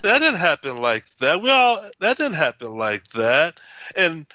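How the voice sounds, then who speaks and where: Bright-voiced man telling a rambling story. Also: a little high, huge pitch swings, measured pace, dry recording. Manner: rambling, many restarts, acts out quotes. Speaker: haunted house owner, interview guest. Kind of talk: casual storytelling interview.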